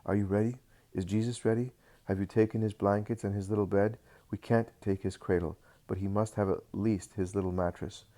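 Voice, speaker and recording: A devoted husband speaks with firm, calm reassurance, as a man reads his part. The voice is very low and earnest, as in a slow storybook reading. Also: natural voice. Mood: reassuring.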